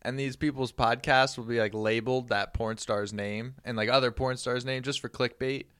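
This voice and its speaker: A man's voice: medium pitch, steady tone, moderate pace, a bit bright, clean tone, dry recording, studio quality. A man co-hosting a podcast, bantering casually, joking, laughing often and swearing. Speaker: podcast co-host. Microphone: studio microphone.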